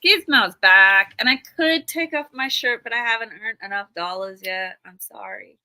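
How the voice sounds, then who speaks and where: Bright, crisp-voiced woman chatting on a stream. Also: on the high side, normal speed, no echo, rough recording. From Australia. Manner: chatty, rambling anecdotes with a laugh. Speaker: live stream host. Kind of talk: casual chat.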